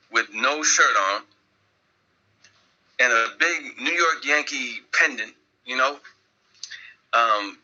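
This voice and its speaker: A man guesting on a podcast, telling a story in a rambling, animated way with many restarts. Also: medium pitch, highs cut off. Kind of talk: casual podcast chat.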